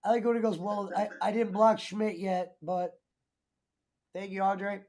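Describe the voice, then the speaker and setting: Guy with a pretty high voice running a stream, laughs a lot, reads chat out loud. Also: level tone, a little slow. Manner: laughing, reading chat aloud. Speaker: streamer host.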